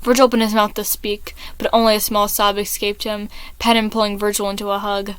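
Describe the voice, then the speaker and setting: A woman reading an online fan story aloud, steady and measured. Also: mid-range voice, smooth, no room sound. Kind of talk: story read-aloud narration.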